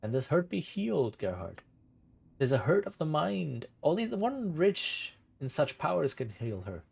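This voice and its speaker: A man's voice: on the high side, very animated, normal speed, gravelly, a little mellow, slightly rough, full character voice. A man voicing an eccentric old male gnome uncle who talks in an archaic folksy way. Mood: gruff. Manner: archaic folksy speech with ye and aye.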